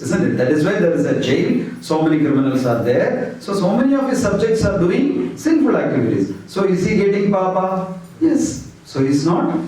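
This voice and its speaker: A man giving a scripture lecture as an animated storyteller who chuckles often. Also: high voice. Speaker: spiritual teacher. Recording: echoey hall, distant mic.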